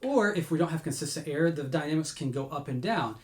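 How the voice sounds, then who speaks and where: A man teaching singing warm-ups, explaining patiently between sung demonstrations. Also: animated, a little fast, reverberant, faint music behind. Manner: explains patiently, breaks into high sung demos. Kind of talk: vocal lesson with sung demonstrations.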